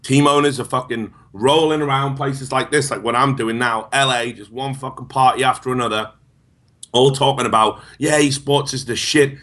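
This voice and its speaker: A man with an average-pitched voice co-hosting a talk show. He rants heatedly and swears constantly, in a casual, profane banter style. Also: steady tone, moderate pace, a bit bright. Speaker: podcast co-host.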